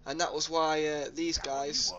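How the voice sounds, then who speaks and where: A man's voice: a little high, little pitch movement, measured pace, a bit bright, highs cut off, slight background noise. A young man casually commenting on his gameplay, rambling with lots of ums and uhs. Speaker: let's play host. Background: game music.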